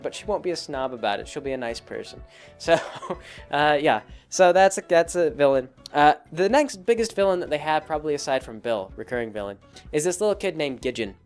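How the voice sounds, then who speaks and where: A man hosting a casual spoken commentary, rambling along with many fillers and restarts. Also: fairly high pitch. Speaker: host.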